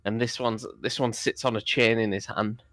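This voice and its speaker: A man's voice: lowish voice, fairly even intonation, normal speed, a bit bright. A man narrating a tabletop game as game master, rambling with fillers as he describes the scene.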